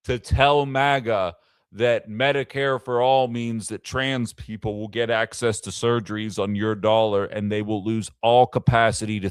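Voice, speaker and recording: A man hosts a live political commentary stream and argues with conviction, piling up pointed rhetorical questions. His voice is smooth and crisp. The sound is dry and close to the mic, with little room around it. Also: fairly low pitch, dry recording. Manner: impassioned, fires off rhetorical questions. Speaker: host of a political commentary show.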